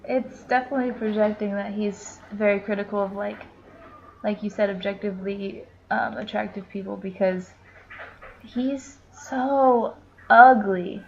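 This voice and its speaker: A woman's voice: mid-range voice, steady tone, measured pace, creaky, muffled recording, a little hiss or hum. A young woman chatting casually as a podcast guest, dry and joking. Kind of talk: casual chat.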